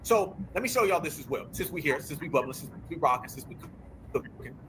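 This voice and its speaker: A man hosting a political commentary show, talking in an animated, sarcastic, slangy way. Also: a little high, brisk, a little hiss or hum. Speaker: host.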